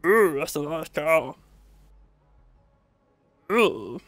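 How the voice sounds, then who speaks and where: A man casually commentating his racing game, swearing constantly and bursting into excited outbursts. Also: a little high, drawn-out words, no echo. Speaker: gameplay commentator.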